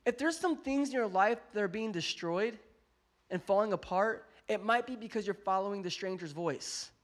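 A man in his thirties preaching a sermon, telling a family story and building to a loud, emphatic climax. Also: high voice, normal speed. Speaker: pastor.

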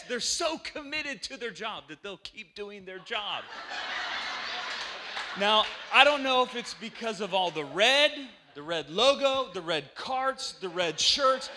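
A man in his forties, a pastor, preaching a lively storytelling sermon in a church, joking and now and then breaking into loud shouts. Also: sits high, measured pace, noisy background. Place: church sanctuary.

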